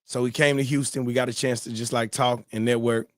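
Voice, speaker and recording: A man hosting a morning live-stream show, giving casual, preachy advice in slangy talk that turns loud and animated, often repeating words. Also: mid-range voice, a little fast, no echo, studio quality. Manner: slangy and conversational, repeats words when fired up.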